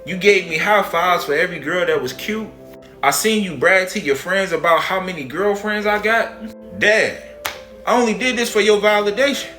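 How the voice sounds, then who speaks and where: A man doing an eager, high-voiced young son. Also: lively intonation, moderate pace, pushed and bright, roomy sound, faint music behind. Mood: pleading.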